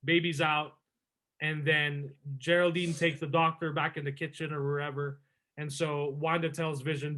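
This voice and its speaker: A man with a bright, forceful voice hosts a casual review podcast. He sits a little high in his range and walks through scenes loosely, leaning on "um" and "before you know it.". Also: level tone, moderate pace. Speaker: podcast host. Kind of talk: casual movie review chat.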